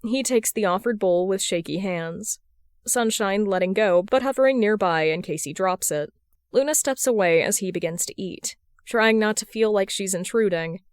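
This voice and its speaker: A woman narrating fan fiction in a steady, measured audiobook style on a close mic. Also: mid-range voice, clear, resonant tone, no echo. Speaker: podfic reader.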